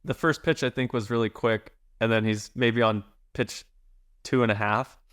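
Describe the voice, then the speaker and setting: A man's voice: medium pitch, fairly even intonation, moderate pace, fairly bright tone. A man guesting on a podcast, chiming in casually to retell a shared climbing trip in a chatty way. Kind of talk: casual storytelling.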